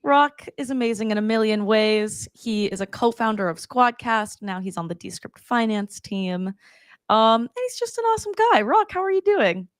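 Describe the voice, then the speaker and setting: A woman's voice: on the high side, animated, normal speed, no echo, clean studio sound. Upbeat woman hosting a live webinar. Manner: upbeat, friendly, with frequent "um" fillers. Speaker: community manager, webinar host.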